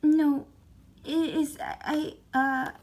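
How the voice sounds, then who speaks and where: A woman's voice: high-pitched, little pitch movement, drawn-out words, a little mellow. A woman voicing a shy, awkward teenage girl in a toy-figure video skit, hesitant and stammering.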